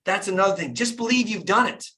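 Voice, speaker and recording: A man's voice: high voice, expressive, fast talker, sharp tone. Fired-up man preaching on a video call. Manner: fired-up, preachy, repeats phrases for emphasis. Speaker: dentist and business coach hosting a group call. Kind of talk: motivational talk on a group video call.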